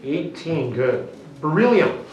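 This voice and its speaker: A man's voice: fairly high pitch, big pitch swings, takes it slowly, dull audio. Upbeat male teacher in an echoey classroom. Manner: upbeat, coaxing, peppered with "okay?" and "right?". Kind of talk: classroom lesson. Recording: very echoey classroom, distant mic.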